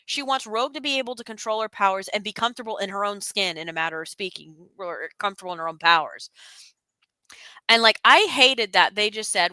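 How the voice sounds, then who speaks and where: Young woman, casual streamer chat, bright dry voice, rambling and animated. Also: medium pitch, fairly quick, dry recording. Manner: animated, rambling with many fillers and restarts. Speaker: stream co-host.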